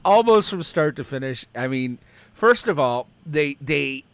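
Man, podcast co-host, jokey, rambling, lively pitch. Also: measured pace, smooth, dry recording. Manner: jokey, rambling, laughs often. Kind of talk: casual chat.

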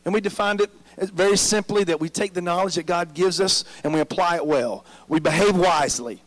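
A man's voice: sits high, a little fast, rough recording. A man preaching a sermon as pastor, drawing the congregation in with frequent "amen?" prompts.

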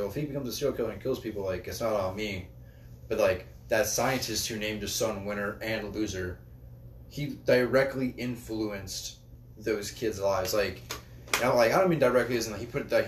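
A man's voice: on the low side, brisk, distant mic, slight background noise. A young man in casual chat, explaining things at length with many fillers. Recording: echoey room, a bit off-mic, faint ambience.

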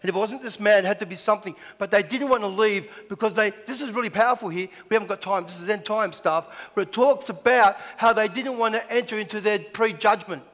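High-voiced man preaching. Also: fast, hardly any pauses, a bit bright. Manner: conversational preaching with rhetorical questions. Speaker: pastor. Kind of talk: sermon. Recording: echoey hall.

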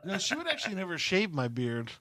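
A man hosting a show, chatting casually in a laid-back, halting way full of ums. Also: sits high, wildly swooping pitch, sharp tone, dry recording, studio quality. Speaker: podcast host. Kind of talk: casual chat.

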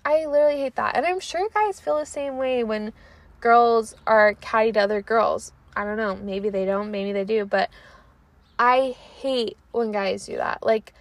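A woman's voice: fairly high pitch, moderate pace, no echo. A young woman in her twenties hosting a podcast, chatting casually and animatedly, with lots of "like" and unfinished thoughts. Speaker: podcast host. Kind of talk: casual chat.

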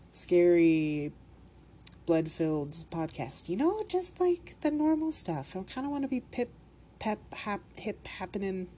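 A woman's voice: fairly low pitch, warm tone, slight background noise. A Canadian woman with a slight Minnesotan lilt, hosting a podcast in casual, rambling chat, often laughing and swearing. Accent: Canadian, with a put-on Minnesotan lilt. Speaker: podcast host.

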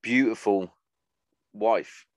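A man's voice: on the low side, very slow, no echo, studio quality. A man in his thirties hosting a podcast, rambling casually with lots of swearing and some sentimental asides. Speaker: podcast host. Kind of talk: casual monologue.

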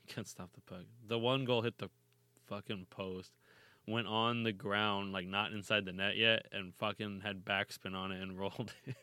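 A man's voice: lowish voice, sharp tone, smooth, no room sound. A man co-hosting a casual hockey chat, reading news items and swearing freely. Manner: laid-back, swears casually, laughs often. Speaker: hockey podcast co-host.

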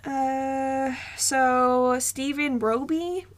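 A woman's voice: sits high, fairly even intonation, drawn-out words. A woman co-hosting a podcast, telling a story in casual chat, rambling with frequent ums and restarts. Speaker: podcast co-host.

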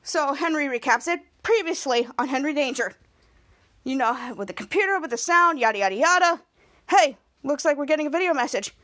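A young woman hosting a podcast, eagerly recapping a TV episode and acting out the characters' lines. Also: a little fast. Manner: energetic, acts out quoted lines with rising pitch. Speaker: podcast host.

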